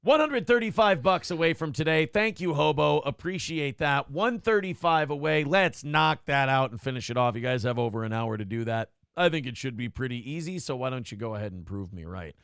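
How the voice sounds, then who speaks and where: A man's voice: mid-range voice, fairly quick, few pauses, fairly bright tone, clean tone, dry recording, studio quality. A man hosting a morning show in casual chat, crude and joking, reading out viewer chat.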